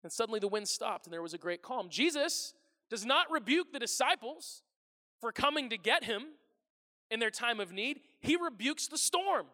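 A man's voice: very high voice, lively intonation, normal speed, bright, forceful tone. A man preaching a sermon as pastor. He talks in a conversational way, asks the congregation questions and acts out the people he quotes. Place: church sanctuary. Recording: long hall reverb.

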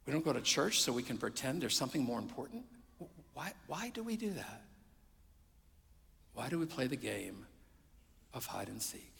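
A middle-aged man, a pastor preaching a sermon, swinging between loud emphasis and hushed near-whispers. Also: medium pitch, vocal fry. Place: church sanctuary. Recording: long hall reverb.

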